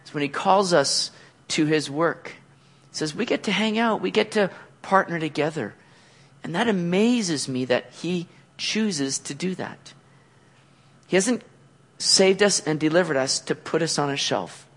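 Male pastor, sermon delivery, bright high register, swings up and down constantly. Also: measured pace. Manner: animated preaching with shouted acted-out quotes.

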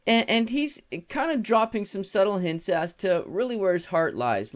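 A man preaching a sermon in an earnest, conversational manner, reading the verses aloud and then talking them through. His voice sits high for a man. The recording is dull, with a long reverb tail from a large hall. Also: expressive, normal speed, hardly any pauses.

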